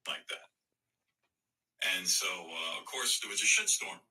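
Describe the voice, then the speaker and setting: A man's voice: low-pitched, lively intonation, unhurried, bright, forceful tone, recorded from a distance, low-quality recording. A man talking as a radio host, blunt and sarcastic, with many fillers, heard from a clip played back. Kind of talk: sarcastic talk-radio commentary.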